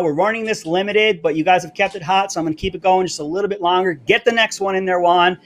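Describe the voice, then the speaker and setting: A male political talk host on a live stream, with a high-pitched voice. He talks in a brash, sarcastic way, swears freely and pounds his points home through repetition. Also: steady tone, fast, hardly any pauses. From Latino background, living in Florida.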